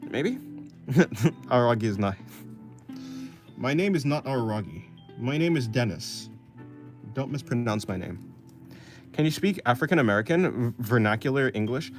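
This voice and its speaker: Casting: male streamer, casual live chat, rambling and self-correcting, offhand, pitch that swings up and down, faint music under him. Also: lively intonation, moderate pace, long pauses. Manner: offhand, apathetic. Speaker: livestreamer answering chat.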